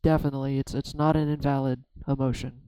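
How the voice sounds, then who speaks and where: A man doing a solo tarot reading, talking slowly through his own fears and frustration with many restarts. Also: medium pitch, flat delivery, mellow, clean tone, dry recording, low-quality recording. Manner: halting, self-searching, many restarts. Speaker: tarot reader. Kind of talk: reflective solo tarot vlog.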